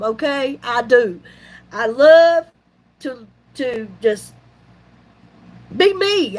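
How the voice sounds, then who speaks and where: Chatty woman in her fifties, high-pitched. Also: low-quality recording. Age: 50s. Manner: chatty, folksy, animated retelling with laughs. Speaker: YouTube vlogger. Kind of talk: casual storytelling vlog.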